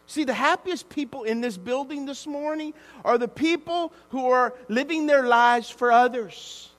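Lively pastor, bright high voice, reverb from a big hall. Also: male voice, measured pace, hardly any pauses. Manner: animated, conversational, calls out to the congregation. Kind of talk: sermon.

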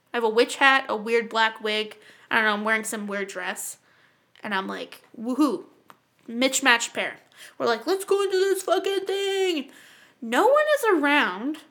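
Bright high-voiced young woman, profane storyteller. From Canada. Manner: animated, profane, acts out voices. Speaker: podcast co-host. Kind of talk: casual storytelling chat.

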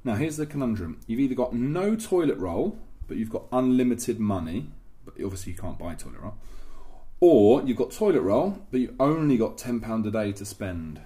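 A man in his thirties from England, chatting casually and swearing as he tells animated stories with put-on voices. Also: mid-range voice, moderate pace. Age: 30s. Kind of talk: casual chat.

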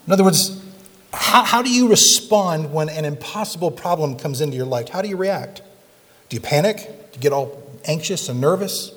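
A pastor in a church sanctuary delivering a sermon to his congregation, his voice a bit higher than most men's. He talks to the room in an easy, conversational way, often asking them questions, and the sound carries a long hall reverb.

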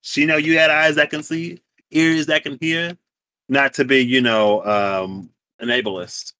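A man co-hosting a casual chat, animated and playful, with slang and frequent laughs. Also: on the high side, a little slow, a little hiss or hum. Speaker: podcast co-host.

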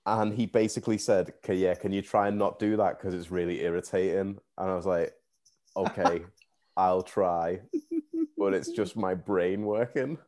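A man co-hosts a casual podcast chat in a lowish voice. He rambles through his stories, laughs a lot and trips into a brief stammer now and then. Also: fairly even intonation, normal speed, a little mellow. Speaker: podcast co-host.

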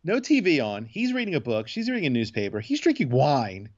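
Profane, animated man with dull sound. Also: medium pitch, fairly quick. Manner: profane, animated, acts out characters in quotes. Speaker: podcast co-host. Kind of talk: casual chat recapping a TV episode.

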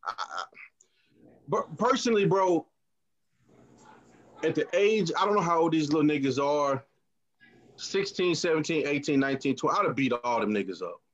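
Relaxed man on a dull mic. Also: on the high side, normal speed, long pauses. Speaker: podcast co-host. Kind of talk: casual chat.

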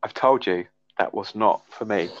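A man's voice: lowish voice, normal speed, slight background noise. A man guesting on a casual geek chat podcast, dry and teasing. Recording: dull lo-fi sound.

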